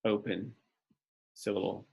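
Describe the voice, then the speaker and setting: A teacher lectures a class step by step, thinking aloud and explaining as he writes on a board. His voice is fairly low and creaky, darkish and slightly rough, with little pitch movement and a slightly slow pace, captured in lo-fi sound.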